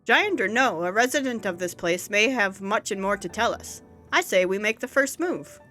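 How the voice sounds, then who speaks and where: A woman's voice: medium pitch, expressive, normal speed, sharp tone, soft background music. A woman voicing an earnest young male scholar who speaks in a formal, courteous way.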